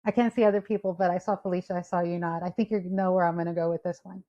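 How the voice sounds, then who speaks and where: Woman telling a career story, mellow voice. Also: lowish voice, racing, lo-fi sound. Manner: storytelling, animated quoted voices. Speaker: speaker. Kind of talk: career talk to an online audience.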